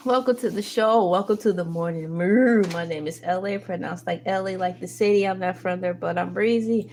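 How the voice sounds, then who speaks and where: This livestream host has a lowish, slightly mellow voice, and her morning chat is relaxed and playful. She talks slowly, jokes, and now and then slips into singing or laughter, with slight noise in the background.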